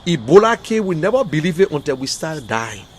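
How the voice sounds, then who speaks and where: A man with a Liberian English accent holds forth on a political livestream, repeating his points and jumping from quiet muttering to sudden loud bursts. His voice sits a bit high for a man. A faint hiss of background noise runs under the recording. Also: big pitch swings, a little fast. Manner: emphatic, repetitive, swings between muttering and loud outbursts. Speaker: livestream commentator. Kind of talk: impassioned political livestream rant.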